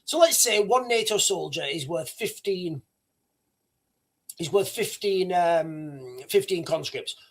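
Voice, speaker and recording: A man hosting a casual live stream, talking to his chat in an animated way, repeating himself and calling viewers guys. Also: high voice, slow. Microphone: streaming setup microphone.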